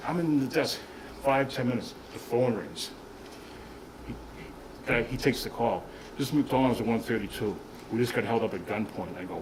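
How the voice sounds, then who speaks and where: A man in his fifties gives a rambling, heartfelt retirement speech, often restarting his sentences. He sounds a step away from the mic. Room noise carries clearly behind him. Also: mid-range voice, fairly quick, recorded from a distance. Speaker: retiring police officer. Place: room at a gathering.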